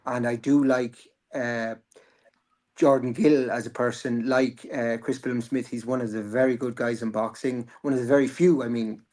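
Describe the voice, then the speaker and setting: A man's voice: mid-range voice, fairly even intonation, moderate pace, a little mellow. Rambling, joking man. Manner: rambling, joking, swears freely. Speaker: boxing podcast host. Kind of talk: casual chat.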